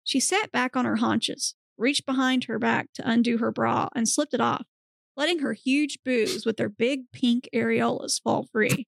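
Woman host, narrator; higher voice with vocal fry, dry close mic. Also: steady tone, measured pace, no echo. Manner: straight-faced narration, breaks into giggles. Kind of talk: comedic reading of erotic fiction.

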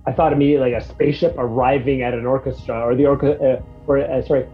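Rambling, animated man in casual chat. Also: mid-range voice, fast, dull audio, soft background music. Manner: rambling and animated, restarts, acts out his reactions. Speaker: guest reviewing a music track.

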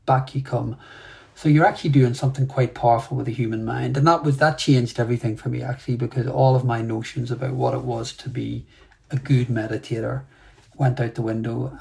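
Gravelly man telling a candid story. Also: mid-range voice. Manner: animated, self-mocking, laughs while telling a story. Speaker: podcast guest.

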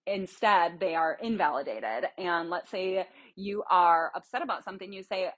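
A woman's voice: on the low side, normal speed. A young woman hosting a casual solo podcast, chatty and rambling, explaining things through everyday examples. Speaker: podcast host.

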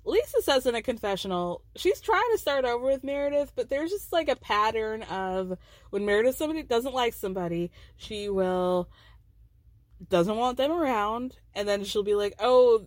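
A woman's voice: medium pitch, dry recording. A woman hosting a podcast, casually recapping a reality TV episode in a chatty, amused way. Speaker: podcast host.

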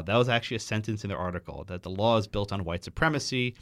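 A man, a guest in a podcast studio, telling a story in an animated way and acting out what other people said. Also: fairly low pitch, fast. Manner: animated, quotes people in changing voices.

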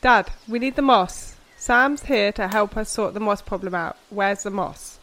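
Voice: medium pitch, measured pace, vocal fry, sharp tone. A player voicing a small, earnest female gnome who is embarrassed by her father. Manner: apologetic, embarrassed by her dad.

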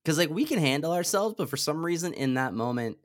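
A man's voice: fairly high pitch, expressive, brisk. A man in his thirties chatting casually, teasing his friend and laughing along. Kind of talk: casual chat.

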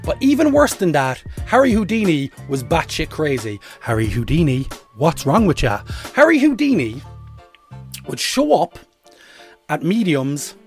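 A man's voice: a little high, a little slow, faint music behind. An Irish man hosting a solo comedy podcast, rambling and swearing freely as he tells stories. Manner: animated, profane, rambling comic storytelling. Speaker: podcast host.

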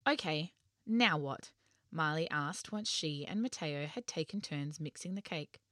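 A woman narrating a children's story in an expressive, lively way. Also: sits low, moderate pace, no echo, clean studio sound.

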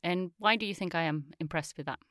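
A woman's voice: on the low side, fast talker, a bit bright, dry recording, clean studio sound. A woman teaching in a lesson chat, explaining patiently with a playful touch. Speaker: Swedish teacher.

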